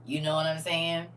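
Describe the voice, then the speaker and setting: Emotional teary woman doing a bible study livestream, bright punchy voice, chatty, calls folks baby. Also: low-pitched, recorded from a distance, a little hiss or hum. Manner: chatty and animated, calls viewers baby and honey. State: tearful, emotional. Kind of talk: live-streamed Bible teaching.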